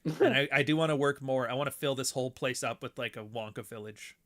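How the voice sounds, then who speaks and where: A man's voice: mid-range voice, fast, fairly bright tone. A man streaming a block-building game, chatting casually with friends and rambling with plenty of swearing. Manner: rambling, profane, laughs often. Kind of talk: casual chat while playing a game.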